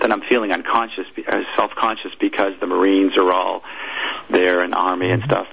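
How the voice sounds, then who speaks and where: A former military chaplain, a man, telling a personal story in an interview, halting and repeating words as he goes. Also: low-pitched, flat delivery, gravelly, husky, highs cut off.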